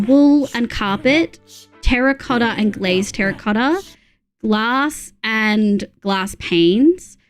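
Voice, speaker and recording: A woman's voice: medium pitch, a little mellow, clean tone. An Australian woman streaming, giving casual, rambling commentary while playing, with plenty of fillers and restarts.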